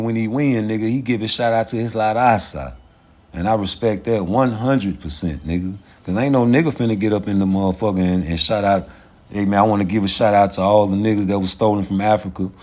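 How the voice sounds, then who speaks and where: A man hosting a casual livestream, ranting in a profane, animated way and laughing often. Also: on the low side. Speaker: livestream host.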